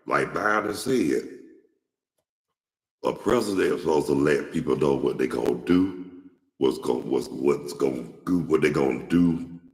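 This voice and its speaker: A man with a rumbling, low voice and vocal fry hosts his own show, talking straight to his viewers in casual, outspoken commentary. He's slangy and blunt, rambling along with lots of restarts and repeats. The recording sounds like an echoey room with long reverb.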